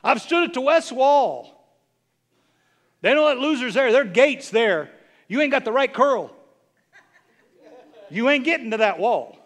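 A man's voice: very high voice, expressive, measured pace, long pauses, fairly bright tone. A middle-aged man preaching a sermon as a bishop, snarky and conversational, teasing his listeners.

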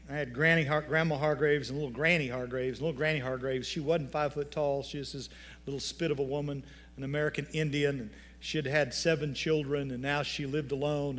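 A male pastor delivers a sermon from the pulpit. He leans on folksy, humorous storytelling to make his points. His voice sits a bit higher than most men's. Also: a bit bright.

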